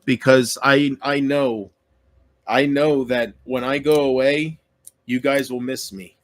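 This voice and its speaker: A man's voice: mid-range voice, steady tone, slow. A man YouTuber in an emotional solo rant to his viewers, aggrieved and self-pitying, swearing often and trailing off mid-sentence.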